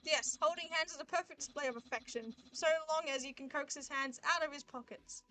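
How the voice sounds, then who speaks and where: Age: adult. Sex: woman voicing a male figure. Figure: Papyrus, a boastful cheerful skeleton. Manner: grand and formal. Pitch: high. Tone: bright. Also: brisk, faint music behind. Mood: earnest. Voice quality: formal, theatrical phrasing. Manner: proud, eager declarations. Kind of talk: reading a visual novel aloud on a livestream.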